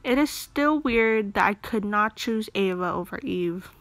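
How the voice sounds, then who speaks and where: A woman casually reacting and commenting, with expressive exclamations, while she plays a story game. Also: medium pitch, measured pace, no echo. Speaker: story game player and narrator.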